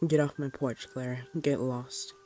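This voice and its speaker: A man voicing a grieving mother who is sharp with her neighbor and soft with her son. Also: mid-range voice, level tone, a little slow, faint music behind, close to an everyday voice. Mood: bitter.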